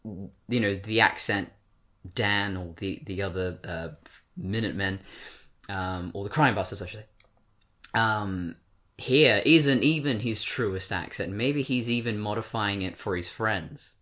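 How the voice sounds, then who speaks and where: A man's voice: lowish voice, measured pace, fairly bright tone. A man in his twenties with an English accent, talking in casual discussion, rambling with many fillers and self-corrections. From born in Britain, raised in Australia. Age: 20s. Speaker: podcast co-host.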